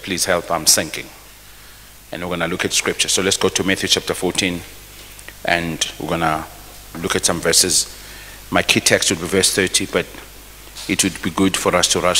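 A man's voice: sits low, flat delivery, brisk, bright, forceful tone, long reverb tail, slight background noise. A pastor preaching a sermon. He reads scripture aloud, stops to explain it, and often repeats and restarts his phrases. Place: church hall.

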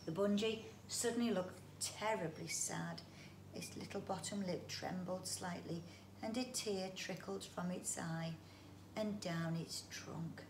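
A woman's voice: lowish voice, unhurried. A woman reading a children's book aloud, with chatty asides to the listener. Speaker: storyteller. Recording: roomy echo, faint background noise.

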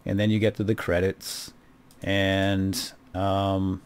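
A man's voice: deep voice, monotone, takes it slowly, clean tone. A middle-aged man giving casual, wry gameplay commentary, chatting to viewers as he plays. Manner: chatty, wry, talks to viewers while playing. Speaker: gaming video host.

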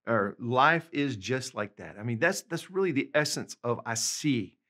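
A man teaching a language lesson, patiently explaining examples and slowing down to say the phrases clearly. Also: medium pitch, expressive, sharp tone. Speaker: language tutor.

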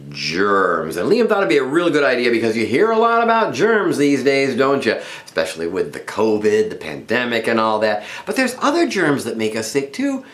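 A middle-aged man reading a picture book aloud to children, with an animated, friendly manner. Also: medium pitch, a little fast, hardly any pauses, roomy sound.

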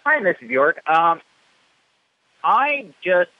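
A man calling in an indignant, halting way with lots of fillers and restarts, over muffled phone audio. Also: sits high, big pitch swings, dry recording. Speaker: caller. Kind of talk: phone complaint.

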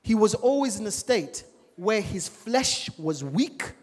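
A male preacher giving a church sermon, animated and full of rhetorical questions to the congregation. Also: high-pitched, slow pace. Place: church service. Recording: long reverb of a large church hall.

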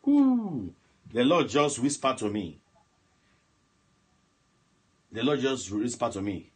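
A man preaching on a prayer line, swinging from soft murmurs to shouted commands and speaking in tongues. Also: medium pitch, huge pitch swings, measured pace, husky. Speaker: pastor. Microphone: phone line broadcast.

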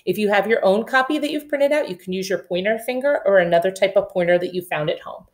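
In this remote kindergarten lesson, a woman with a mid-range voice works through letter sounds at a slow, deliberate pace. She then shifts to reading a rhyme in an encouraging, sing-song way.

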